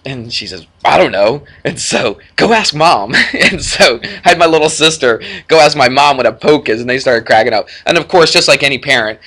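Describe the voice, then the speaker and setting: A man's voice: medium pitch, sharp tone. Chatty man teaching math. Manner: chatty, laughs often, storytelling asides. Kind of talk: classroom lecture with anecdotes. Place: classroom with students.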